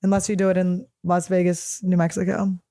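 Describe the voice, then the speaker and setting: A woman's voice: fairly low pitch, level tone, fairly quick, warm tone, no echo, studio quality. A woman in her thirties hosting a solo podcast, telling rambling, profane, jokey stories in a casual chat. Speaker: podcast host.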